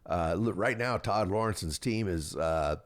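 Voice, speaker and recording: A man hosting a sports podcast, chatty and friendly as he interviews a coach. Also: low-pitched. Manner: friendly, chatty, quick to laugh along. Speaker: podcast host.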